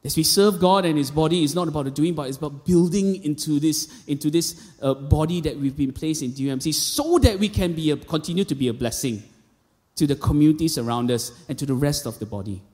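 Man, Malaysian English accent, pastor's sermon, slightly high voice, reverberant hall. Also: a little fast, a little mellow. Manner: storytelling with quoted voices, conversational asides. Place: church auditorium. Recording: long reverb of a large hall.

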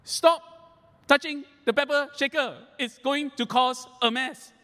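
A shrill, exasperated mother scolds in a high, loud voice, as a preacher puts her on. Her words ring out with a long hall echo. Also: measured pace, heavily acted. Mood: scolding. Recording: echoey hall.

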